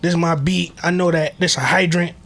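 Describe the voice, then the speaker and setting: A man's voice: on the high side, steady tone, fairly quick, creaky, a bit bright. A man co-hosting a podcast, telling wild stories in loose slang and laughing often. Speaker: podcast co-host. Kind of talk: casual chat, storytelling.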